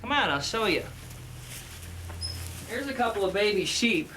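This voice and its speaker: Cheery farmer guy talking to little kids outside, bright voice, lively, middle-aged. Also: sits high, a little slow, a little hiss or hum. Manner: cheerful and animated, speaking to children. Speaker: farmer presenting to children. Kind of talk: scripted children's educational presenting. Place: outdoors on a farm.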